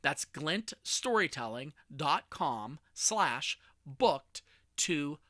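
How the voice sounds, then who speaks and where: A man in his forties, a communication coach hosting his own podcast, talking solo with lively energy and self-deprecating jokes. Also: fairly high pitch, extremely slow, dry recording, studio quality.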